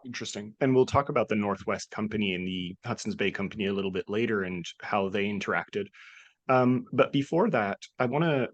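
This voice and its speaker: A man hosting a history podcast, asking an author about his book in a measured, curious way. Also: on the low side, no room sound, highs cut off. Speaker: podcast host. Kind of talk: interview questions.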